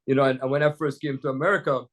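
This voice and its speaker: A man's voice: medium pitch, flat delivery, rapid-fire. Older jamaican guy, jazz pianist on a video call, rambling storyteller, lots of you knows. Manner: rambling, storytelling, many restarts and "you know"s. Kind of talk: casual conversation.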